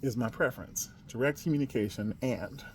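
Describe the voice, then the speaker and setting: A man from the United States hosting a podcast, talking on his own in a casual monologue, emphatic, spelling words out and swinging from quiet to loud. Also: medium pitch, a little fast, a little hiss or hum. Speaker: podcast host.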